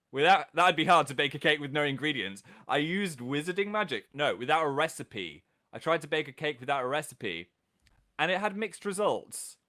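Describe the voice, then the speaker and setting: A man's voice: medium pitch, bright, forceful tone. A man hosting a casual livestream, chatting playfully and reading out viewers' comments with a jokey, self-mocking manner. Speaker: livestream host.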